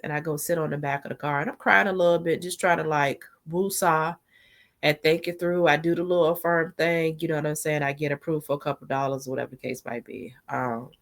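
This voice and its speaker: A woman's voice: deep voice, fairly bright tone. A woman in her forties telling a personal story in a casual storytime vlog, chatty and heartfelt, often asking the viewer if they follow. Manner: chatty, heartfelt, leans on "you know what I'm saying". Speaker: vlogger.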